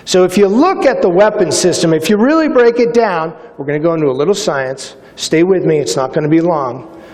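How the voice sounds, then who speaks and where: A middle-aged man from Massachusetts delivers a motivational keynote on stage, his voice sitting a little high for a man. He tells personal stories with energy and acts out the quotes. The hall adds a long, lingering reverb. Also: fairly quick. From Massachusetts, USA. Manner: energetic storytelling with acted-out quotes. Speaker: keynote speaker.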